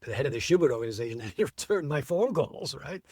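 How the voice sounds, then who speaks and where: A middle-aged man telling the story of how he built an event, as an interview guest, with lively enthusiasm. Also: medium pitch, fast talker, no room sound, clean studio sound.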